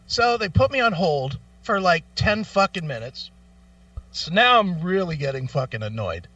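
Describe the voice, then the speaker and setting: A man's voice: sits high, very animated, normal speed, pushed and bright, no echo, distant mic. A man hosting a radio show, telling a profane, exasperated story in a casual rant. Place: radio studio.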